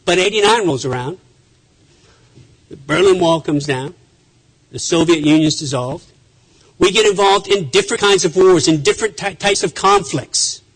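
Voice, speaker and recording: A man's voice: high voice, normal speed, long pauses, a bit bright, poor audio. A man who is a naval officer, giving an emphatic conference speech and often repeating phrases with restarts.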